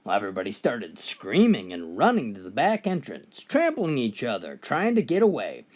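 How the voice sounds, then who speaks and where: A man's voice: mid-range voice, huge pitch swings, moderate pace. A man telling jokes in a folksy storytelling style, often opening his lines with "well.". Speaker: joke teller. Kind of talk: told jokes, comic storytelling.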